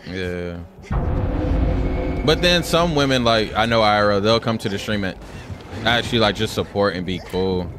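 With music playing behind him, a man with a lowish, lively voice streams a game at a moderate pace, leaving long pauses. His casual commentary runs on rambling, profane anecdotes, and "bro" comes up again and again.

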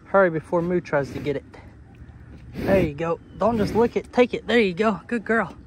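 A man talking casually to his goats on a homestead, coaxing and scolding them playfully, his voice jumping high when he is exasperated. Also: expressive, normal speed, background noise. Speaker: homesteader vlogger. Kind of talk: casual talk to farm animals. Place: outdoors on a homestead among goats and animals.

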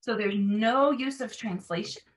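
A woman's voice: on the high side, a little slow. A woman language teacher explaining her classroom method in an earnest, emphatic way. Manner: earnest, emphatic, models repeated words.

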